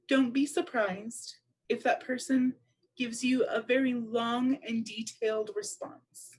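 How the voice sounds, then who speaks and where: A woman interpreting aloud for a deaf presenter at a public seminar, speaking in a measured, explanatory way. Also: a little high, darkish tone, slightly rough. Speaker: sign language interpreter voicing a deaf presenter.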